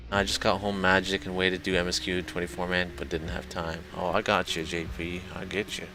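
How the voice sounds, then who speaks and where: A man's voice: low-pitched, little pitch movement, a little fast, few pauses, music in the background. A man streaming a game, chatting casually and self-deprecatingly while reading dialogue aloud.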